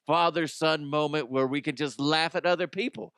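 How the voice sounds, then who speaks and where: A man's voice: fairly high pitch, steady tone, normal speed, a bit bright, clear, resonant tone, no room sound, clean studio sound. A man hosting a comedy show, ranting casually in an exasperated way and swearing freely. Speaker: comedy podcast host.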